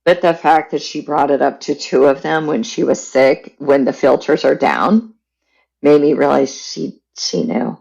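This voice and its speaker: A woman guest on a podcast, telling a personal family story in a candid, animated way. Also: sits low, unhurried, vocal fry, husky, highs cut off.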